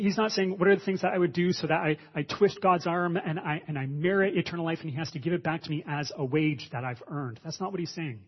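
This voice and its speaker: A man with a slightly high, husky voice preaches a sermon. He talks in a loose, conversational way, full of restarts. The recording sounds dull and lo-fi. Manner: conversational, with frequent restarts and fillers.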